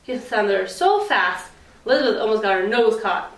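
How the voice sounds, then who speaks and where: A woman childcare teacher reading a picture book aloud at story time, affectionate and expressive. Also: mid-range voice, a little fast, slight background noise. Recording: roomy, distant mic.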